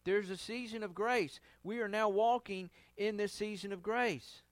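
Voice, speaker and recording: Male pastor, conversational sermon, acts out quotes, fairly high voice, dry close sound. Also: unhurried, dry recording. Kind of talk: sermon, Bible study teaching.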